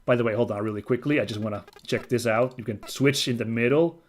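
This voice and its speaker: A man streaming a story game, reading its narration aloud and breaking into chatty, excited asides. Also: mid-range voice, fast. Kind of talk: reading game text aloud with casual commentary.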